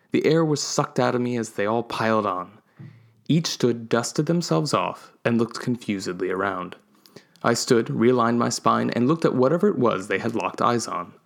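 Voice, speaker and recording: Male co-host reading a whimsical story, gravelly tone, playful. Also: mid-range voice. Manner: playful, switches voices for quoted characters. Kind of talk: storybook reading with character voices.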